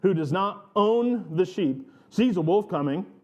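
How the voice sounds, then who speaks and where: A male pastor delivers a sermon in a church. He talks at an unhurried, measured pace, and his voice sits a little high for a man. He stretches out and stresses the phrases he wants to land. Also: lively intonation, darkish tone, lo-fi sound. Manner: earnest, emphatic preaching with slow stressed phrases.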